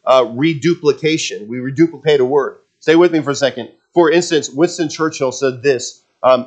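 A man's voice: mid-range voice, normal speed, hardly any pauses, a little mellow, highs cut off. A man preaching a sermon, building emphasis on repeated words and tossing conversational asides to the congregation. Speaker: pastor.

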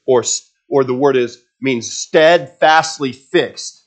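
A man's voice: mid-range voice, slow. A man preaching a sermon, building emphasis on repeated words and tossing conversational asides to the congregation. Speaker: pastor.

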